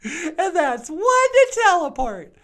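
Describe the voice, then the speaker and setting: Bubbly falsetto puppet woman, giggly, flirty, chirpy, very high and lively, as a man puts her on. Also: slow, exaggerated voice. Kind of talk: puppet show comedy.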